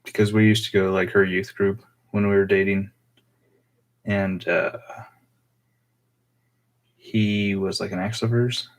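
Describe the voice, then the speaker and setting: A young man telling a personal story on his vlog in a rambling, halting way full of fillers. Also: fairly low pitch, flat delivery. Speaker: vlogger.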